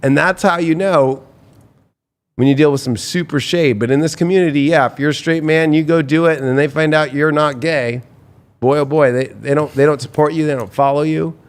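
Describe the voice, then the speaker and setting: A man's voice: fairly high pitch, fairly even intonation, a little fast, clear, resonant tone. A man, a tarot reader, telling stories in a rambling, profane way on a casual podcast, full of restarts.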